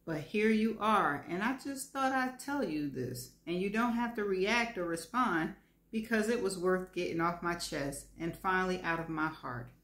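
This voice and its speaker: Gentle, sincere middle-aged man as a female reader voices him, low-pitched, echoey room. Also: moderate pace, natural voice. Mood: earnest. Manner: earnest, gentle. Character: earnest middle-aged man confessing an old crush. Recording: roomy echo.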